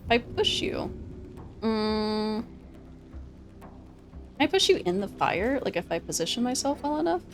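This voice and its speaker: A woman streaming a game, talking casually, excitable, swearing freely and laughing often. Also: on the high side, unhurried, long pauses, over music. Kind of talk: casual gameplay commentary.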